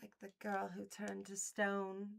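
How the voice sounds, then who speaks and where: With a gravelly, fairly bright voice at medium pitch, she speaks a little slowly and in a monotone. She's hosting a casual livestream, teasing her chat theatrically, laughing often between lines, mock-outraged one moment and abruptly whispering the next.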